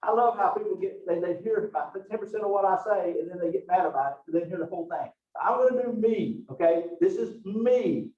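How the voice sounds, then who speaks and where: A man teaching a biology lecture, lively and joking at his own expense, with frequent rhetorical questions. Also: high-pitched, fairly quick, few pauses. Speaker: biology instructor. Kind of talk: recorded online lecture. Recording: roomy, distant, dull lo-fi mic.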